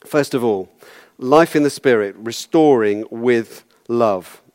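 A man's voice: mid-range voice, takes it slowly, darkish tone. A man preaching a sermon in a conversational, wry way, often repeating words as he goes.

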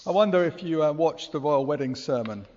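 Male preacher, raised pitch, earnest and chatty, long church reverb, muffled lo-fi sound. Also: lively intonation, fairly quick, a little mellow. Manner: earnest, conversational, with rhetorical questions. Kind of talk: sermon.

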